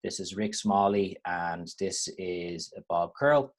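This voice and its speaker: An Irish lecturer in his thirties presents a webinar over a video call. His voice sits low, and his talk is relaxed and rambling, with restarts along the way. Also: takes it slowly. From Ireland. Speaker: university lecturer.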